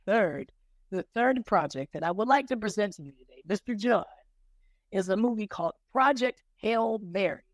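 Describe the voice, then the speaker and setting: A man's voice: sits high, lively intonation, no echo. Playful male podcast host, dry close mic. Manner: playful, teasing, reads plot summaries slowly. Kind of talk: casual podcast chat, mock pitch role-play.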